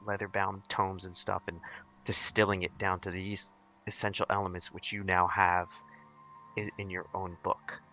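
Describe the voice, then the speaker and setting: Man, game master, casual explaining, low pitch, bright sound. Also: normal speed, faint music behind, poor audio. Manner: explanatory, relaxed. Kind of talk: casual tabletop game chat.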